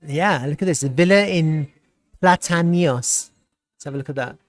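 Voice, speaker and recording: Excitable man thinking aloud on a livestream. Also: a little high, normal speed, no echo, clean studio sound, soft background music. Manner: excitable, laughs often, thinks aloud while browsing. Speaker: livestream host. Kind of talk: casual live commentary.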